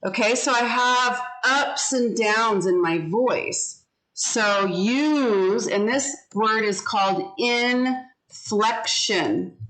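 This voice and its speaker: Slow-spoken woman teaching a video-call class. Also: a little high, a bit bright, poor audio. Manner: slow, deliberate, models inflection and syllables.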